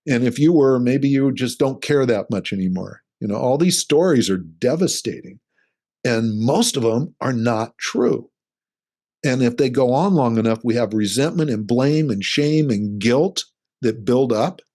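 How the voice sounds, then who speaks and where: A middle-aged man speaking as an interview guest, earnest and explanatory. His voice sits at an ordinary middle pitch, and he talks through his ideas in a relaxed conversational way. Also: a little slow. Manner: earnest, explains with acted-out examples. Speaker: relationship coach, interview guest.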